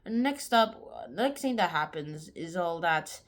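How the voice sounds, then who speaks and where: A woman's voice: fairly low pitch, animated, unhurried. A woman casually retelling a short story in her own words, rambling and often correcting herself mid-sentence. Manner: rambling, self-correcting, chatty.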